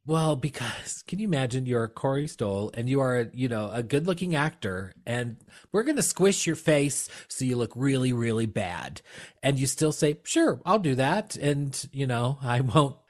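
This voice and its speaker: Chatty, rambling man with a middle-pitched voice. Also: animated, moderate pace. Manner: chatty, rambling, laughs often, apologetic asides. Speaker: podcast co-host. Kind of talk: casual film-review chat.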